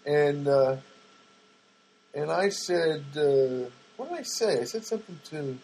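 Husky guy rambling thru a wry story, lots of asides and ums. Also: on the high side, expressive, a little slow, darkish tone, rough recording. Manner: chatty, wry, full of asides and fillers.

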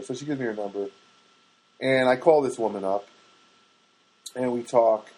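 A man's voice: medium pitch, normal speed, pauses often, a little mellow, poor audio. A man in his fifties rambling through comic stories with exasperation, acting out phone calls.

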